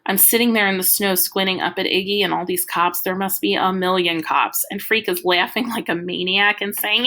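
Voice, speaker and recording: A woman's voice: medium pitch, steady tone, fairly quick, few pauses, pushed and bright, low-quality recording. A woman reading a first-person audiobook aloud with vivid, dramatic storytelling. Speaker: audiobook reader.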